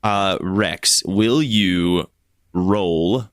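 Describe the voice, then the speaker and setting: Halting low-voiced male game master. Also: no room sound. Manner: halting, restarts often while narrating. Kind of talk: narrating a tabletop game.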